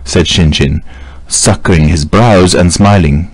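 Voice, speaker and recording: A man reads a classic novel aloud in a measured, even way. His voice is very low, and the recording is dry and close, with no room sound. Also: no echo, low-quality recording. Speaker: audiobook reader. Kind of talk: scripted narration.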